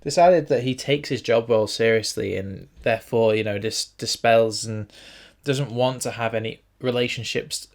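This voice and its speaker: A man's voice: medium pitch, moderate pace. A young man hosting a casual writing tutorial, chatting and thinking aloud as he works through a form. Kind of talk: casual screen-recorded tutorial. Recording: faint background noise and typing clicks.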